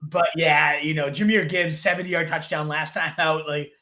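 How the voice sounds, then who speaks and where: A man's voice: fairly high pitch, steady tone, moderate pace, sharp tone. A man co-hosting a casual fantasy football chat, enthusiastic and thinking aloud with fillers.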